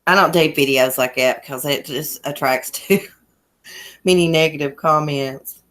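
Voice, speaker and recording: A woman's voice: low-pitched, normal speed, fairly bright tone. A woman from Southwest Virginia with a strong Appalachian country accent, hosting a casual livestream, chatting folksily and laughing often. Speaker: YouTube livestream host. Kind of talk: casual livestream chat reading comments. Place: home in a small mountain town.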